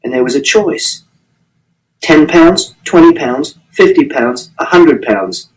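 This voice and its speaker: A man's voice: a little high, lively intonation, slow pace. Earnest man reading a first-person story. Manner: earnest, literal, matter-of-fact. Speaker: reader. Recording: distant mic.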